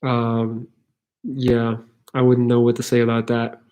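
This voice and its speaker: A man's voice: mid-range voice, completely flat delivery, unhurried, a little mellow. A man hosting a livestream Q&A, chatting casually and joking as he answers viewer questions. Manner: chatty and joking, laughs easily. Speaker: livestream Q&A host.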